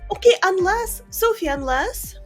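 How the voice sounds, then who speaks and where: A woman hosting a casual podcast, enthusiastic and quick to giggle. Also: very high voice, expressive, faint music behind. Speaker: podcast host.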